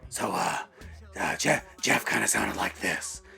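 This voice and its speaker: A man's voice: fairly low pitch, unhurried, vocal fry, pushed and bright, faint music behind. A man hosting his own channel, talking through a casual update in a rambling way, full of ums and self-corrections. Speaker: YouTube channel host.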